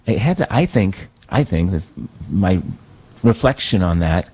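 A man, a priest, talking in a thoughtful, reflective way, pausing to search for words. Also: deep voice, big pitch swings, darkish tone, husky. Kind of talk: conversational talk.

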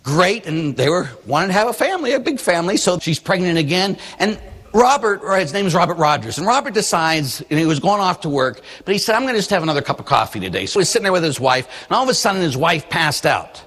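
A man's voice: sits high, expressive, fast talker, a bit bright, husky, big-room sound. A man, a Catholic priest, preaching a sermon, who tells stories with animation and acts out the voices of the people he quotes.

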